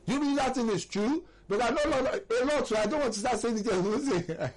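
A middle-aged man with a Nigerian English accent hosting a call-in radio talk show, chatty and animated, often laughing and repeating himself. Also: extremely high pitch, normal speed. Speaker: radio host.

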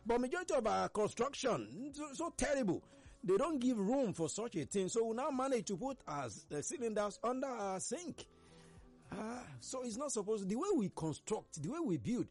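Nigerian man, talk show host, animated pitch, chatty and laughing, faint music under. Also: normal speed. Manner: chatty, laughs while telling stories, mimics others. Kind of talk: casual commentary on current affairs.

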